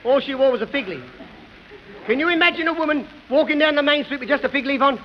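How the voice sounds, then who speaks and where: A man's voice: extremely high pitch, quick pace, long reverb tail, lo-fi sound. A man doing cheeky stand-up comedy patter before a live audience. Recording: noisy live recording with a loud crowd.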